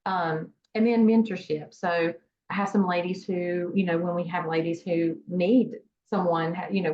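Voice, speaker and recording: A woman guest talks in a lowish voice, rambling loosely with many "you know"s and restarts. Her voice comes through a dull, lo-fi video call with a faint hiss behind it. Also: steady tone, normal speed. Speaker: interview guest, nonprofit founder. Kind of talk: casual interview talk. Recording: dull lo-fi sound with faint noise.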